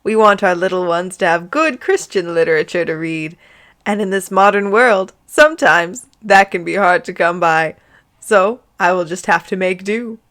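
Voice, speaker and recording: A woman's voice: on the low side, normal speed, a bit bright. A woman reads fan fiction aloud in a comedic, dramatic way. She breaks off often for amused, sarcastic asides. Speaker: video host reading fan fiction.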